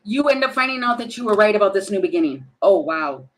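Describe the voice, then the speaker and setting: A woman doing a casual tarot reading, thinking aloud and animated, with many fillers and restarts. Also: mid-range voice, fast, rough recording. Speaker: tarot reader.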